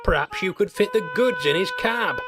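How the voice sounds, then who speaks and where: A man's voice: high voice, wildly swooping pitch, moderate pace, over music, pitched above the performer's own voice. Man voicing a weary, sly male engine. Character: weary, sly male engine, put-upon yet cheeky.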